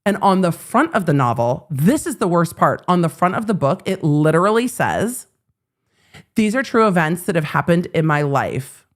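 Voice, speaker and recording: A woman hosting a live legal commentary stream, telling a story in a casual, animated way and acting out the lines she quotes. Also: lowish voice, moderate pace.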